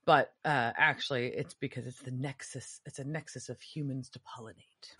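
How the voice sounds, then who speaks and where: A woman's voice: rumbling low, steady tone, moderate pace, sharp tone, slightly rough. A woman co-hosting a podcast, casually retelling a TV episode and acting out the characters' lines. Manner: retells scenes acting out quotes. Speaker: podcast co-host. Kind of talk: casual recap chat.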